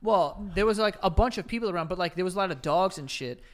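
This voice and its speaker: A man, co-hosting a casual podcast and telling a story in an animated, swear-heavy way. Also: high voice, fast. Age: 30s. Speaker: podcast co-host. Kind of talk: casual chat.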